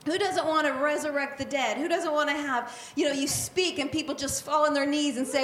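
Woman preacher, high voice, animated and conversational, in an echoey room. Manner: animated and conversational, with quick asides and repetition. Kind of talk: sermon.

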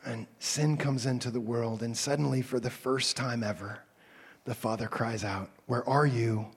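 Husky-voiced man preaching a sermon. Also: mid-range voice, moderate pace. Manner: swings from loud animated calls to soft hushed whispers. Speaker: pastor.

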